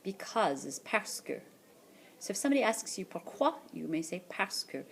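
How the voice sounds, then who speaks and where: A woman teacher narrating a screencast lesson, explaining patiently and repeating French words slowly for practice. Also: mid-range voice, big pitch swings, creaky, slight background noise. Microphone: tablet or headset mic for screencast voice-over.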